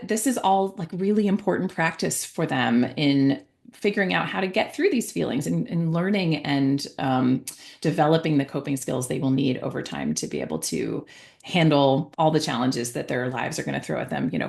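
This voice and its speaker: Chatty woman with a gravelly low voice. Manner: chatty, many fillers and restarts. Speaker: author and guest. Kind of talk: conversational storytelling.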